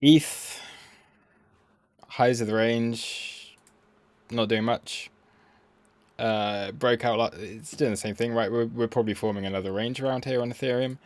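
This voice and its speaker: A man's voice: mid-range voice, steady tone, measured pace, long pauses, dry recording. A man hosting a casual live stream about crypto trading, rambling and self-mocking as he reads the chat aloud.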